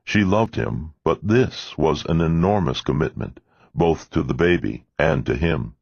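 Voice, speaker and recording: A man narrating an audiobook in a measured, expressive reading. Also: a bass voice, gravelly, no echo. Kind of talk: scripted narration. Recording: dull lo-fi dry recording.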